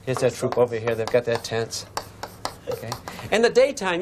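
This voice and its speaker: Drawing on the board as he goes, a Massachusetts man runs a physics class full of stories and banter. His mid-range voice moves at normal speed over a noisy background. It's a lecture with demonstration, and he keeps it lively, shouting out dialogue in character and quizzing the students.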